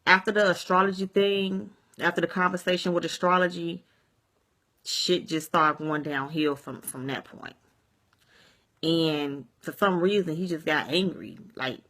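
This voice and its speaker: A woman's voice: deep voice, fairly bright tone. A woman ranting casually on her vlog, rambling and repeating herself, swearing freely, recorded at home at the end of her day. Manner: rambling and repetitive, keeps saying "you see what I'm saying", swears freely. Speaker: vlogger. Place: at home at day's end, sage and candles burning.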